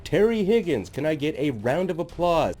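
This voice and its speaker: A man's voice: a little high, big pitch swings, moderate pace, a little mellow, a little hiss or hum. Sardonic man narrating comedic lore. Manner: sardonic, jokey, self-deprecating. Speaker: lore channel host.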